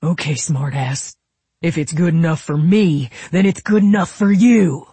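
A narrator voicing a volatile, abusive middle-aged father who shouts and accuses in an audiobook. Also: mid-range voice, unhurried, husky, no room sound. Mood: raging. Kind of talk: audiobook character voice.

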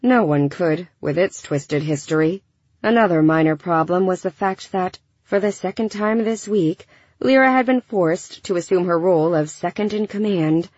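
A woman narrating a science fiction audiobook in a measured, even storytelling manner. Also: lowish voice, no room sound. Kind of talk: scripted narration. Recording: dull dry studio recording.

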